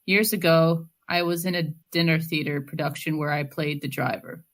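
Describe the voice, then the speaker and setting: A woman's voice: sits low, level tone, moderate pace. A woman co-hosting a casual podcast, reading listener mail aloud with giggly, self-deprecating asides. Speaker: podcast co-host.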